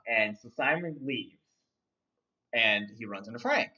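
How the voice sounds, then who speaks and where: A man's voice: medium pitch, lively intonation, unhurried, pushed and bright. A man casually recapping a film's plot, rambling with many fillers and restarts. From not from London. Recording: dull, distant mic.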